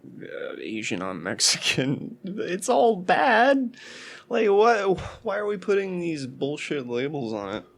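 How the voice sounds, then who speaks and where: A man's voice: high voice, wildly swooping pitch, slow. A man co-hosting a casual podcast, mostly chiming in with short agreeing replies. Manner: laid-back agreeing listener, short replies. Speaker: podcast co-host.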